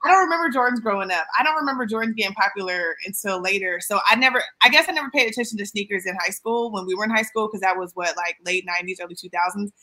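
Woman in her thirties, podcast co-host, bright voice, animated, casual chat with playful mock voices. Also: mid-range voice, racing, few pauses. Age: 30s.

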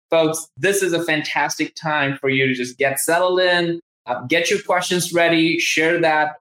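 Excitable man with a Southern accent, echoey room. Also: fairly high pitch. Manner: enthusiastic, rambling, many restarts and fillers. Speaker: podcast host. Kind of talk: casual live-stream interview. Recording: roomy, echoey room sound.

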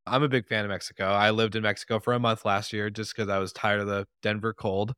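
A man's voice: on the low side, flat delivery, fast, a bit bright, smooth, dry recording, studio quality. A young man hosting a podcast, asking long, loose, friendly questions. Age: young adult. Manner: friendly, rambling questions with fillers. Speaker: podcast host. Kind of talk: casual podcast interview.

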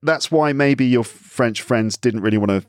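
A man's voice: mid-range voice, normal speed, dry recording, studio quality. A middle-aged man with an English accent, chatting as a podcast guest and acting out little asides as he talks. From England. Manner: chatty, animated storytelling with acted-out asides. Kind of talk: casual podcast conversation.

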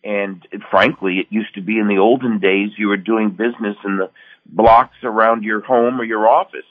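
A man's voice: on the low side, steady tone, moderate pace. An older man from the Northeast US, a radio co-host telling a folksy personal story in casual chat. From Connecticut, US Northeast. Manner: folksy storyteller who acts out quoted dialogue. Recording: tinny phone-like radio line.

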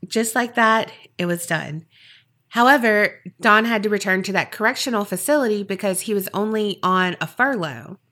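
A woman's voice: medium pitch, normal speed, pushed and bright. A woman podcast host telling a story in a chatty, casual way with wry asides.

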